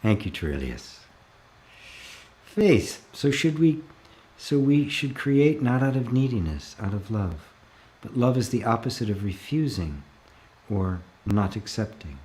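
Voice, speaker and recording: A man leading a live spiritual Q&A, reading out viewer comments and answering in a calm, reflective way, slowing down to stress key words and laughing softly now and then. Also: lowish voice. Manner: calm, reflective, often slows to stress a word. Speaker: spiritual teacher.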